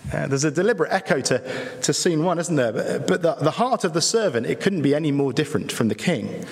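A man preaching an earnest sermon in church, pausing between phrases and using rhetorical tag questions. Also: on the high side, animated, creaky. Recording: echoey hall reverb.

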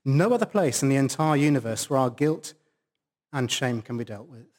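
Emphatic male preacher, lively pitch. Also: normal speed. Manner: emphatic, stressing single words. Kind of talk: sermon. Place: church service with a baptism.

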